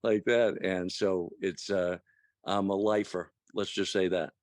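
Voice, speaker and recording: A man in his sixties giving a casual testimonial on a call, halting with many fillers and restarts. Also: low-pitched, flat delivery, a little mellow, no room sound, studio quality. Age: 60s.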